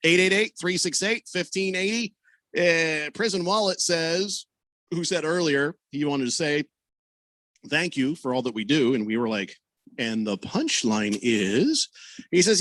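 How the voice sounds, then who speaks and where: A fairly high-voiced man hosting sports talk radio, chatting casually and throwing his voice up and down when he quotes people. His voice is dry and close to the mic. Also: measured pace, no echo. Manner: animated storyteller, voices quoted people with big pitch jumps. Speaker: radio show host. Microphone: studio microphone over video call.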